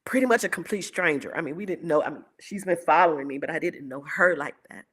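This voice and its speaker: A woman's voice: low voice, quick pace, fairly bright tone, breathy edge. A woman hosting her own online show, telling a personal story to her viewers in a candid, emotional way. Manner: candid and emotional, acts out quoted voices.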